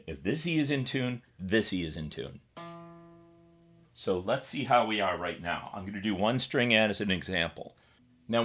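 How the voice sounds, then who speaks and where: A man from the United States talks through a guitar setup in a relaxed, chatty way, explaining each step as he works. His voice sits a little low. Guitar notes ring out now and then behind his speech. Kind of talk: casual tutorial demonstration.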